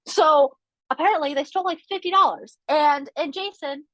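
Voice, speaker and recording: Podcast co-host, woman, high and expressive, chatty storyteller, dry close sound. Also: normal speed, dry recording, poor audio. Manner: animated, chatty, with frequent asides. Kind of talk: casual chat, storytelling.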